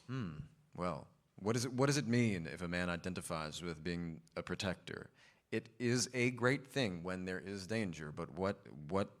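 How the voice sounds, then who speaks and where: Very deep-voiced man, reflective. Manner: reflective, searching for words, laughs often. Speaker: lead cast member on a panel. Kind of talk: panel Q&A answers.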